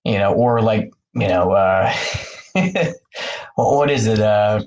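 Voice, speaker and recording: A man's voice: on the low side, slow, darkish tone, lo-fi sound. A man rambling in a casual chat with his viewers, full of fillers and frequent laughs, talking from his bathtub. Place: bathroom, in the bathtub.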